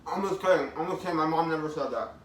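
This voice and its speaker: A man's voice: a little high, fast talker, slight background noise. A man in his thirties hosting a casual live eating stream at home, chatting upbeat with his viewers and reading their comments aloud. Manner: chatty, upbeat, talks with mouth full, reads comments aloud. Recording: echoey room, mic at a distance.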